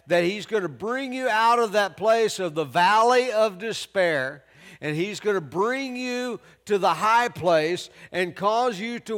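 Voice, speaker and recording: A man's voice: sits high, a bit bright. A man preaching a sermon as pastor, emphatic and repetitive, often breaking in with "praise God". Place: church sermon delivered to a remote audience.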